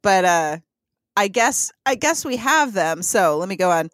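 A woman's voice: mid-range voice, sing-song, measured pace, no room sound, clean studio sound. A woman with a Missouri accent co-hosting a podcast, chatty and giggly as she reads from her notes. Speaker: podcast co-host. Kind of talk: casual podcast chat.

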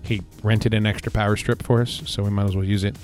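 Low-voiced deadpan co-host. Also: male voice, fast, faint music behind. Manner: dry, joking deadpan. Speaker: podcast co-host. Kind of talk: casual chat.

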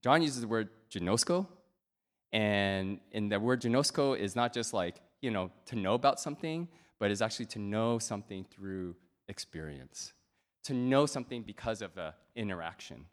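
A man in his thirties preaching a sermon, telling a playful story with lively swings between loud and soft. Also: on the low side, moderate pace, in a large hall. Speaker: pastor.

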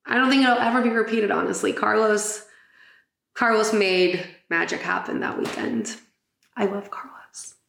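A woman hosting a casual podcast, chatty and giggly, with plenty of fillers between her thoughts. Her voice has a gravelly fry and sits at a middle pitch, in an echoey room. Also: normal speed, fairly bright tone, slight background noise. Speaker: podcast host. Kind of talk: casual chat.

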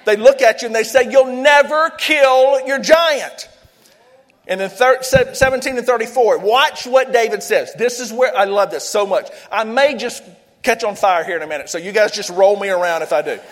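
Fervent high-voiced preacher in echoing hall. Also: male voice, a little fast. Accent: South Louisiana. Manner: fervent, call-and-response preaching. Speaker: pastor. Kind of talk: sermon. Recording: echoey hall, long reverb.

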